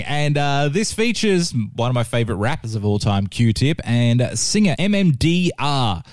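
Lively jokey man hosting music. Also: no echo, clean studio sound. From Australia. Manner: chatty and jokey, with lively swings in pitch. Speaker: music show host. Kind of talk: casual radio-style music chat.

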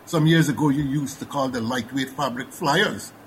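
A man's voice: medium pitch, moderate pace, slight background noise, rough recording. A man with a Guyanese accent, a panelist speaking thoughtfully with many fillers and restarts. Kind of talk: panel discussion.

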